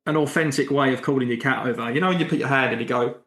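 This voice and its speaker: A man's voice: rapid-fire, fairly bright tone. Teasing man in an echoey room. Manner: teasing, mock-earnest pitches. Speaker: podcast co-host. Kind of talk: casual comedic banter.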